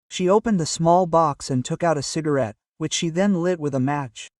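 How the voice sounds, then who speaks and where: A man reading a detective story aloud as narrator in an even, measured way. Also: on the high side, dry recording, clean studio sound, far from the mic. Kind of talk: scripted audiobook narration.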